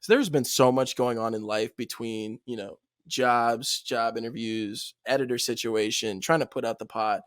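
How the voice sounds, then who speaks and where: A man's voice: medium pitch, dry recording, studio quality. A young man hosting a podcast, chatting casually and upbeat, laughing often and swearing now and then. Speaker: podcast host. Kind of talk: casual chat.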